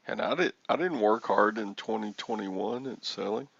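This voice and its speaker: A man's voice: lowish voice, expressive, measured pace, gravelly, fairly bright tone, husky, no room sound, highs cut off. A man in his sixties hosting a reseller livestream, rambling and joking as he answers chat comments. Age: 60s.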